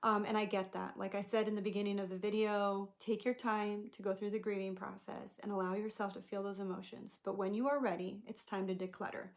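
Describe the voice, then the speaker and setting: A woman's voice: medium pitch, flat delivery, a little fast, vocal fry, hardly any pauses. Casual woman life coach, rambling and chatty. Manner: conversational and rambling, with many fillers and restarts. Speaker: life coach and podcast host. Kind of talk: casual motivational talk to camera.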